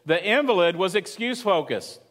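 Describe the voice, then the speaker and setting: A man's voice: sits high, lively intonation, brisk, fairly bright tone. A man preaching a sermon at church, talking conversationally and asking the congregation questions. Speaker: pastor.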